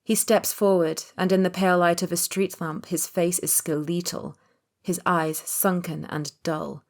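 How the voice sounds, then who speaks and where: A woman's voice: fairly low pitch, fairly even intonation, measured pace. A woman narrating a romance audiobook in the first person, tense and wry.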